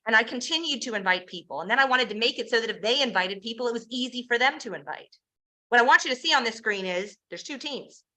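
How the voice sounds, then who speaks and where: A woman giving an energetic sales presentation, telling success stories, asking the audience rhetorical questions and acting out quoted dialogue. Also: a little high, quick pace, low-quality recording. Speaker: presenter pitching a home business.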